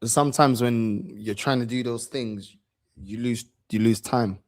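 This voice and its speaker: A man tells a story in relaxed chat, using plenty of slang. His voice sits in a middle pitch, and he keeps circling back to repeat his points. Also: measured pace. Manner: slangy, repeats phrases for emphasis. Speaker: football channel host.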